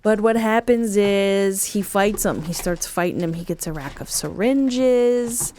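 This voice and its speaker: A woman recapping a movie on a podcast in a rambling, casual way, full of fillers and quick acted-out quotes. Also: medium pitch, warm tone, slight background noise.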